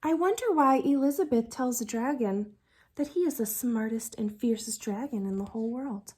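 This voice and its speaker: A woman teacher reading a picture book aloud to children, animated, gasping and asking the listener questions. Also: on the high side, normal speed, slightly rough. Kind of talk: storytime read-aloud for children.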